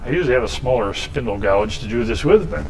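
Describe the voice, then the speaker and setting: A man's voice: medium pitch, very animated, fast talker, creaky, poor audio. A man in a woodshop, demonstrating woodturning and telling rambling, folksy anecdotes with chuckles. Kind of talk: casual storytelling during a lathe demo. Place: woodshop, indoors.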